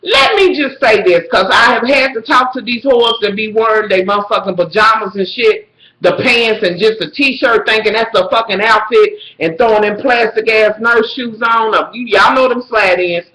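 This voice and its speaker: A woman telling a profane, dramatic story to her viewers, swinging between shrill squeals and low mutters. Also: normal speed, bright, forceful tone, reverberant, low-quality recording. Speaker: vlogger. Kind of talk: profane storytelling rant to camera.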